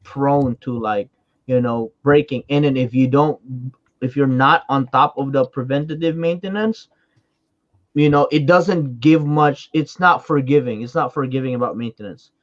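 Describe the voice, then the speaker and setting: A man chatting casually on a livestream, animated and filling his talk with "like" and "dude". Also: medium pitch, highs cut off. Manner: animated, fast, lots of "like" and "dude". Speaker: co-host.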